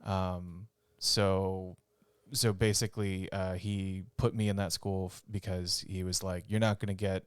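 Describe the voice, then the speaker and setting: A man's voice: low-pitched, little pitch movement, slow, clean tone, no room sound. A man co-hosting a gaming podcast, chatting casually and rambling while he laughs often. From North Texas. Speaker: podcast co-host.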